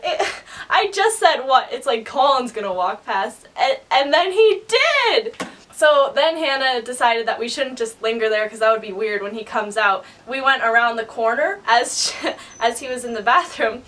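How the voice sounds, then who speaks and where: Young woman, high-pitched, storytime vlog, squealy quoted lines, slightly distant mic. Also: moderate pace, a bit bright. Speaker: vlogger.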